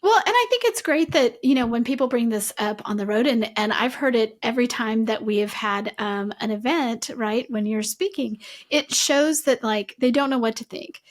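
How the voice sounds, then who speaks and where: A woman's voice: on the high side, normal speed, hardly any pauses. A woman hosting a podcast, talking in a friendly, casual way with hesitant fillers. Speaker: podcast host, editor.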